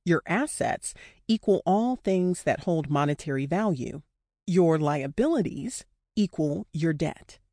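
A woman's voice: sits low, lively intonation, a little slow, dark tone, no room sound, clean studio sound. A woman narrating an audiobook in a candid, conversational way with casual slang. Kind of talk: scripted narration.

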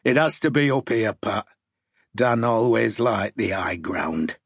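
A man voicing a surly, tough male soldier officer who talks in a gruff, grumbling way. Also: lowish voice, unhurried, dry recording, clean studio sound. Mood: insistent.

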